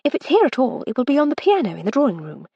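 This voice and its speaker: A woman voicing a breezy, wry aristocratic Edwardian lady in an audiobook, quick to laugh. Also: sits high, very animated, gravelly, mellow, slightly rough, no room sound, dull audio, voice pushed up, full character voice.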